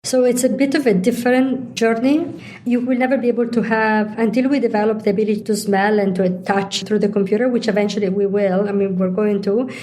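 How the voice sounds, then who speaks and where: A woman's voice: medium pitch, fairly even intonation, a little fast, warm tone. A middle-aged woman, a guest in an interview, explaining her points at length with examples. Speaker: interview guest, digital executive. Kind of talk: conversational interview.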